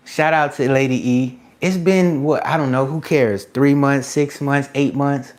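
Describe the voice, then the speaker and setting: A man streaming live as an artist, giving excited shout-outs to viewers in casual slang, then turning soft and reflective. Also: mid-range voice, unhurried, hardly any pauses, a little hiss or hum. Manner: drops to a soft, quiet reflective tone. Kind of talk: casual livestream chat.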